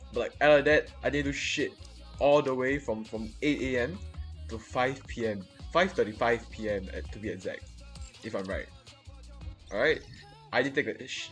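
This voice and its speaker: A young man rants in casual chat, swearing constantly and tripping over his own restarts. His voice sits at an ordinary mid pitch. Soft music plays faintly behind him. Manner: profane, rambling venting with many restarts.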